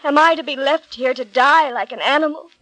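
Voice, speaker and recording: A woman's voice: high voice, pushed and bright, no room sound, low-quality recording. A woman doing a pleading wounded traveler man. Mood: despairing. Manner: pleading, slow. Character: wounded male traveler, desperate and weak.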